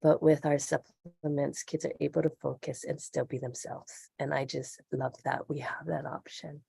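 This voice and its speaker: A woman's voice: low-pitched, little pitch movement, normal speed, creaky, dark tone, husky, no echo, clean studio sound. A middle-aged woman speaking as a podcast guest, earnest and reflective as she talks openly. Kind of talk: candid interview conversation.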